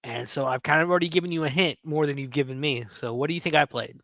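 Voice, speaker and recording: Bright-voiced man chatting on a livestream. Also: on the high side, fast, no room sound. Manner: rambling, storytelling, playful with chat. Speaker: livestream host. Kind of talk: casual livestream chat with viewers.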